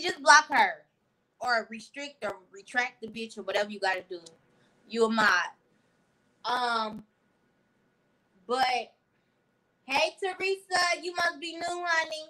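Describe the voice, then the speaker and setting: A woman hosts a casual livestream, pitched a little high with a bright, forceful tone. She gushes over her viewers and answers their comments one by one. Her talk is loose, slangy and animated. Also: rough recording. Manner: chatty and effusive, reads out and answers comments. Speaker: livestream host. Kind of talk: casual live-stream chat with viewers.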